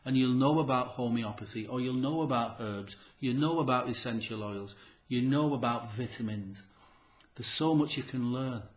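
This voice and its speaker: A man's voice: mid-range voice, normal speed, reverberant. A man giving an earnest, repetitive health talk to the viewer, often stammering on restarts and acting out what people say to themselves. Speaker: herbalist presenter. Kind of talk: direct-to-camera health talk.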